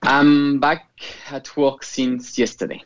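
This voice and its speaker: Speaking slowly at a medium pitch and a level tone, a French man who works as a case manager at a fertility center gives an earnest interview over a call, sometimes searching for words. The high frequencies are cut off.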